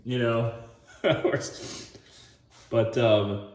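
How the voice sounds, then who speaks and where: A man riffs through a loose, rambling monologue. He keeps chuckling and slips into quick acted-out voices. His voice sits mid-range and bounces around a noticeably echoey room. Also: mid-range voice, a little mellow. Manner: rambling, chuckles often, acts out scenes in voices. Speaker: online video host. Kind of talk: casual movie-pitch monologue.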